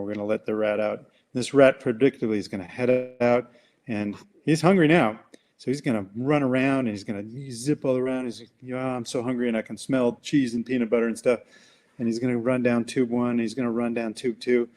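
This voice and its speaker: A man coaching through a webinar, telling an animated, folksy story and acting out voices along the way. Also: mid-range voice. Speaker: coach and presenter. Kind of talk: webinar talk with a demonstration. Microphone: webinar mic.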